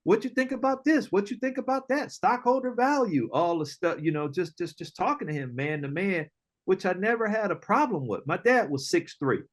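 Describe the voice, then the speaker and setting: A middle-aged man, an entrepreneur guest, telling casual stories in an animated, slangy way, often acting out other people's lines. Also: high voice, moderate pace. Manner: animated storyteller, slangy, acts out quoted voices, laughs often. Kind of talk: casual storytelling interview.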